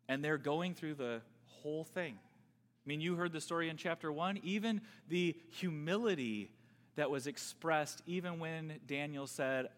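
A male pastor preaching a sermon, swinging between loud emphatic bursts and quiet asides, often repeating words as he builds a point. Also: fairly high pitch. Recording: long reverb from a large hall.

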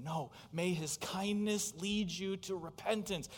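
A man's voice: sits high, lively intonation, moderate pace, hardly any pauses. A man, preaching a sermon as pastor, talking emphatically and putting direct questions to his congregation. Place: church sanctuary. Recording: long hall reverb in a church.

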